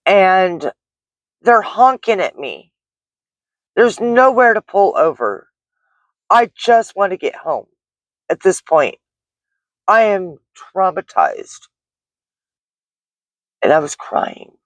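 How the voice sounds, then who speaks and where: In a rambling vlog, a middle-aged delivery driver relives something that scared her, restarting often and leaning on fillers as she tells it shakily. Her medium-pitched voice is very animated yet slow, with frequent pauses and no echo.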